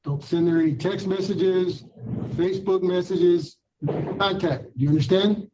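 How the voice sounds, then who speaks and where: A man's voice: high voice, fairly even intonation, a little slow, warm tone, rough recording. A man presiding as judge at a courtroom hearing, giving firm, instructive warnings. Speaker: magistrate judge.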